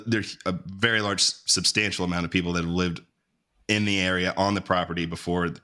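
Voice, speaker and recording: A man's voice: low-pitched, bright, forceful tone. A man hosting a podcast in casual, laid-back chat, joking and swearing easily. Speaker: podcast host.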